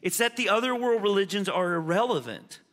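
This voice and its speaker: Male pastor, animated sermon delivery, bright edge, reverberant hall sound. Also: sits high, fairly quick. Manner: animated preaching, swings from loud emphasis to quiet asides.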